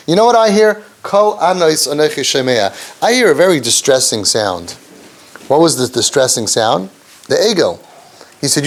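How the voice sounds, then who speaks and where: A man giving a Torah lesson, telling the story with lively, acted-out quotes. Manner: animated storytelling, acting out quotes with pitch jumps; mixes Hebrew and Yiddish terms into English.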